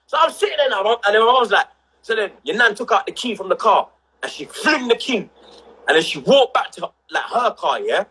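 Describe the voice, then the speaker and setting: A young man, telling a story on a casual livestream with rising excitement and shouts. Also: sits high, fairly quick, slightly rough, poor audio. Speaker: livestream co-host.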